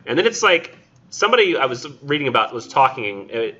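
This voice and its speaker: A man leads a college literature class in a loose, chatty manner, stringing his thoughts together with plenty of "like". His voice is bright and forceful. The classroom recording sounds dull and lo-fi. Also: mid-range voice, very animated, a little fast. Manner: casual and chatty, heavy use of "like". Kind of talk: classroom lecture with poetry reading.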